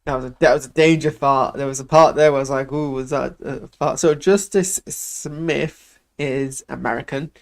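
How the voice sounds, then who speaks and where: A man's voice: medium pitch, steady tone, moderate pace. A man hosting a casual live reaction to a film trailer, rambling and hesitant with self-deprecating asides.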